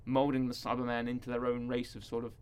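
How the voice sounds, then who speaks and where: A chatty man recapping a TV episode in casual podcast talk. He jokes along, acting out characters in a mid-pitched voice. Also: monotone, fast talker, a little mellow, clean tone. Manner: chatty, jokey, acts out characters. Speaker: podcast co-host.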